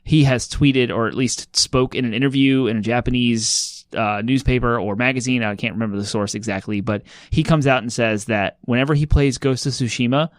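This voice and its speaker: A man's voice: medium pitch, steady tone, a little fast, few pauses, no room sound, studio quality. A man co-hosting a gaming podcast, chatty and upbeat as he runs through the week's news. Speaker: podcast co-host. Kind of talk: casual chat.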